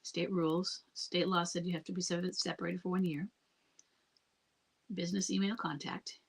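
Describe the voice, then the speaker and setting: Husky woman giving calm marriage advice. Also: fairly low pitch, normal speed. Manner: calm, earnest, repeats herself. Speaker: marriage coach. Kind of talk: live Q&A advice.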